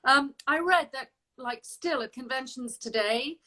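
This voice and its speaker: Female interview host, high and bright, chatty with easy laughs. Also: measured pace, rough recording. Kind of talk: casual interview chat.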